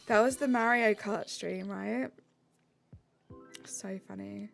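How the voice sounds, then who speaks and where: A woman's voice: mid-range voice, takes it slowly, vocal fry, fairly bright tone, soft background music. A woman streamer chatting casually with her live chat, giggling and teasing herself as she reads messages. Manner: giggly, self-mocking, chatty.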